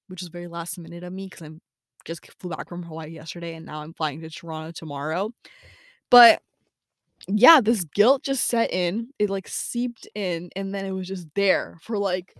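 A woman's voice: mid-range voice, no echo, clean studio sound. A young woman talking casually in a personal audio journal, rambling with many fillers and talking to herself. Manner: rambling, lots of "like" and "um", self-talk. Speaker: podcast host.

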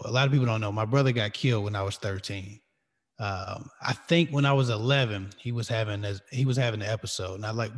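A man's voice: fairly low pitch, in a large hall. A man telling a personal story in a candid, profane podcast chat. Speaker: podcast co-host.

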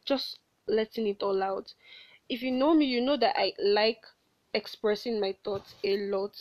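On her candid solo podcast, a late-teen young woman rambles, swears bluntly and pokes fun at herself. Her mid-range voice is steady and a little mellow, a little slow, and the home recording is dull, dry and lo-fi.

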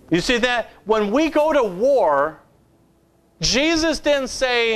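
Very high-voiced, slow-preaching male pastor. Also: very animated, a bit bright. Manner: emphatic, repetitive preaching with rhetorical questions. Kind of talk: fiery sermon.

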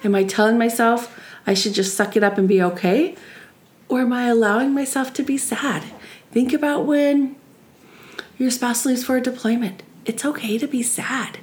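A woman's voice: fairly high pitch, steady tone, moderate pace, long pauses. Encouraging woman coach in an echoey room. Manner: earnest, encouraging, acts out inner voices. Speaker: life coach. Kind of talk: motivational solo talk.

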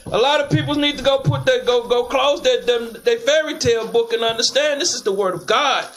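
High-voiced man preaching, interrupting often. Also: a little fast, slight background noise, poor audio. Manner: commanding, interrupts the reader with sharp questions. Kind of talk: street preaching with scripture reading.

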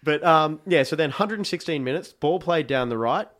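An Australian man telling a football match story in a casual chat, animated and acting out shouts. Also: on the high side, moderate pace.

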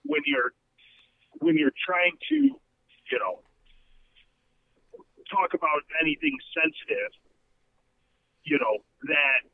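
A man's voice: fairly high pitch, sing-song, slow, pauses often, slight background noise. A man co-hosting a podcast in casual chat, rambling with lots of fillers and restarts. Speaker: podcast co-host. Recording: tinny phone-like line.

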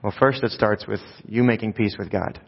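A man's voice: on the low side, normal speed, vocal fry, breathy edge. Man preaching a conversational sermon, echoing hall. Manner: conversational, asks the congregation rhetorical questions. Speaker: pastor. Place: church sanctuary. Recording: dull sound with long hall reverb.

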